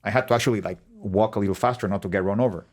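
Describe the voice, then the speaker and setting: A man's voice: fairly low pitch, rapid-fire. A man from Mexico with a Mexican Spanish accent, a podcast guest who tells stories in casual chat, acting out quotes and swearing freely. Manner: animated storyteller, acts out quotes, swears freely.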